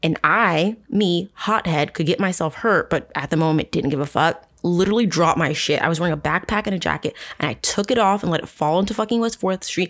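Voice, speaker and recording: Young woman hosting a true crime podcast; lower voice, loose, swearing, animated storyteller. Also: brisk, hardly any pauses. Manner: casual, profane, animated storytelling. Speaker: podcast host.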